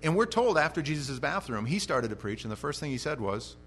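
A man's voice: big pitch swings, fairly quick, a little hiss or hum. Man preaching with emphatic, swinging delivery. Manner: emphatic preaching with sharp swings in loudness and pitch; conversational asides between scripture quotes. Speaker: pastor. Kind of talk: expository sermon.

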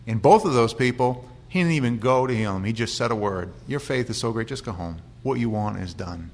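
A middle-aged man teaching from the Bible in a relaxed, conversational way. He reads scripture aloud, then unpacks it in plain, everyday language. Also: medium pitch, a little fast. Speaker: pastor.

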